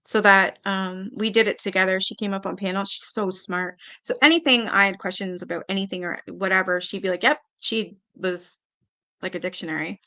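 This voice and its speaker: A woman hosting a live-stream panel, chatting casually and reading viewer comments aloud with quick asides. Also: medium pitch. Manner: chatty, animated, quick asides and little laughs.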